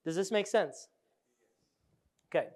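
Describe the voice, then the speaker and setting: Lively high-voiced man. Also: takes it slowly. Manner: animated, jokey, asks the audience questions. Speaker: speaker. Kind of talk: live workshop talk.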